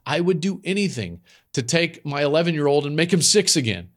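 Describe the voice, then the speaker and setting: A man in his forties hosts a podcast, answering a mailbag question in a fairly quick, higher-pitched voice. He's casual, animated, and emphatic, with lots of "like" fillers.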